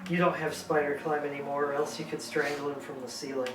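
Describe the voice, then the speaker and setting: Playful higher-voiced man at the game table. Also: level tone, quick pace. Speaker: tabletop player. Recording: echoey room from far off, crowd noise.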